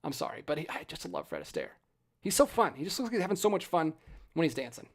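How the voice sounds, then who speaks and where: A man in his thirties hosting a casual live stream, animated and ranting with jokey asides while reading out chat. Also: on the high side, fast talker. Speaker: livestream host.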